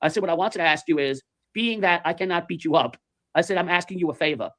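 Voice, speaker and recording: A man's voice: a little high, quick pace. A man telling a story in casual chat, animatedly acting out the voices of the people in it. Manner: animated, acts out quoted voices.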